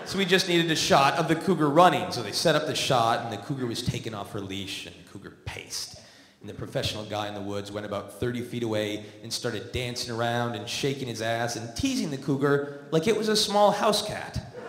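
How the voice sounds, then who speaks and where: A man's voice: medium pitch, expressive, brisk, a bit bright. A male comedian telling a stand-up story on a theatre stage with a dry, wry comic delivery. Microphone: stage microphone. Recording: echoey theatre hall from a distance.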